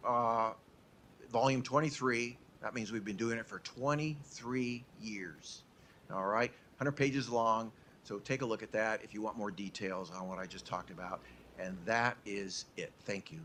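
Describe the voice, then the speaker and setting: Lower-voiced male economist closing his conference talk, crisp bright tone, casual with uhs. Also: measured pace, a little hiss or hum. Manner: casual, with filler words. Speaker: economic forecaster presenting. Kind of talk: conference presentation wrap-up. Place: conference venue, speaking to an audience.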